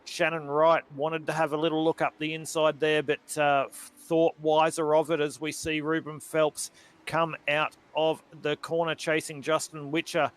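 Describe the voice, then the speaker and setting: A man commentating a sim racing event who gets loud and excited during close battles. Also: a little high, normal speed. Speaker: race commentator.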